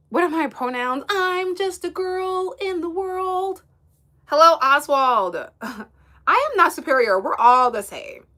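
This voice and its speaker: Young woman, East Coast US, livestream host, casual chat, giggly, bright voice. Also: high-pitched. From United States, East Coast. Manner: chatty, giggly, responds to viewer comments.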